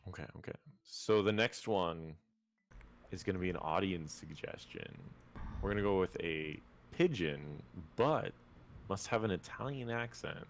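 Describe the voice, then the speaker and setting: A man with a low, deep voice hosts a casual live stream and announces each prompt in a relaxed way. His intonation rises and falls in lively arcs. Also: a little slow. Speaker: stream host. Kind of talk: casual chat.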